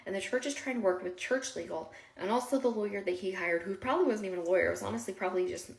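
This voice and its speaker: Emotional woman with a gravelly voice. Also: mid-range voice, rapid-fire. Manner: emotional, quotes people in raised voices, frequent "like". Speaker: storyteller recounting her own escape. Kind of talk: personal storytelling. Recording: echoey room.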